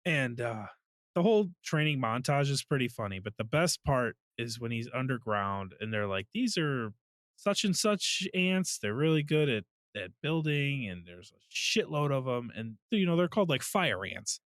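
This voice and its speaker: A man's voice: medium pitch, big pitch swings, moderate pace, fairly bright tone, no echo, studio quality. A man co-hosting a casual podcast, telling movie scenes in an easygoing way and acting out the quotes. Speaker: podcast co-host. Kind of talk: casual chat.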